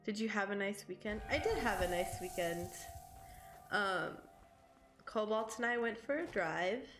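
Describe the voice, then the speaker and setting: Streaming a game from home, this woman talks a little slowly in an animated, mid-range voice with a scratchy throat. Her casual chat is full of laughter and occasional swearing, heard over game music in a roomy, echoey recording.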